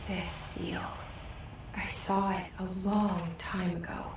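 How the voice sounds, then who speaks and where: Brooding haunted heroine, gravelly whisper, far off in a roomy space. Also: female voice, on the low side, level tone, takes it slowly, background noise. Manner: hushed, brooding. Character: guarded young woman, haunted inner voice. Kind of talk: whispered inner monologue. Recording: roomy, distant game audio. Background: game music.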